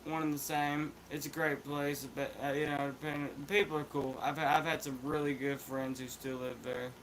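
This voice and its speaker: A man's voice: fairly high pitch, flat delivery, moderate pace, a bit bright, a little hiss or hum, poor audio. A man with an Appalachian accent chatting in a laid-back, rambling, slangy way as a vlog host. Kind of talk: casual chat vlog.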